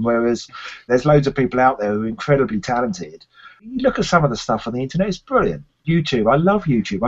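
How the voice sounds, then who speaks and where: A man's voice: medium pitch, slightly rough. A man, chatting casually and self-deprecatingly as an interview guest about his work. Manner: chatty, self-deprecating, lots of "kind of" and "you know". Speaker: interviewee, games reviewer and TV presenter. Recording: dull lo-fi sound.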